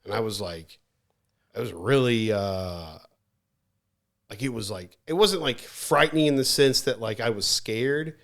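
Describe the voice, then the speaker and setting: A man, a podcast guest, telling a story in a casual, animated way, full of "like" and restarts. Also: on the low side, measured pace. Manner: animated, rambling, heavy use of "like".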